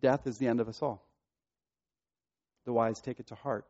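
A man's voice: medium pitch, fairly even intonation, moderate pace, darkish tone, no room sound. Man preaching a sermon, dull sound. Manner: preaching with rising emphasis and repetition. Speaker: pastor.

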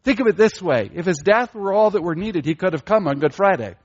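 A man preaching a sermon with emphatic delivery, repeating key phrases and rising in pitch to stress a point. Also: animated, fairly quick, few pauses, slightly rough. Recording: dull lo-fi recording.

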